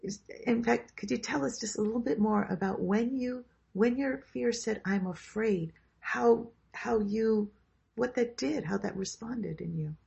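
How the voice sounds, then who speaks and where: Gravelly husky woman, calm workshop leader, kinda dull lo-fi sound. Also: on the high side. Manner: slow, soothing guidance. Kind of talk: guided meditation and group sharing.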